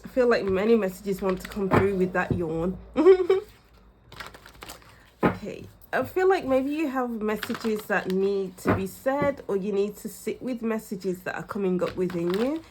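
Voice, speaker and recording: A young woman reading tarot for her viewers in a casual, musing way, often searching for words and laughing softly. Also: medium pitch, normal speed, hardly any pauses, background noise. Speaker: tarot reader.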